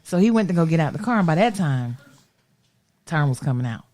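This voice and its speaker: A woman's voice: deep voice, lively intonation, fast talker, darkish tone. A woman chatting on a podcast, telling a story animatedly and acting out the voices of the people in it. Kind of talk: casual chat, storytelling.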